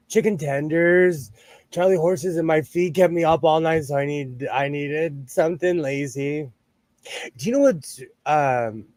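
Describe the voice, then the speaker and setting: A man's voice: a little high, dry recording. A middle-aged man with a Southern Californian accent hosts a casual sewing livestream, greeting viewers by name.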